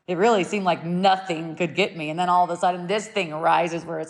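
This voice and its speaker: A woman speaking on the lower side, with a steady tone, leads a reflective spiritual teaching at an easy pace. Repetition and rephrasing run through her talk, with the occasional short, emphatic command for emphasis.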